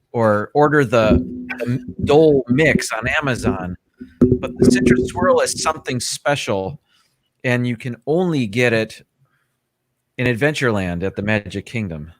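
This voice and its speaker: A man speaks as a guest in a relaxed online chat, earnest and eager, pressing his points with emphasis. His mid-pitched voice is recorded very dry, with no room sound. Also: no echo. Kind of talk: casual video chat.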